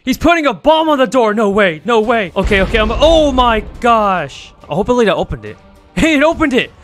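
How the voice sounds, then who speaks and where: A man with a high, boyish voice gives excitable commentary as he plays through a role-play game. He is dramatic and talks straight to his viewers. Faint music plays under his voice. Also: a little fast. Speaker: gaming YouTuber.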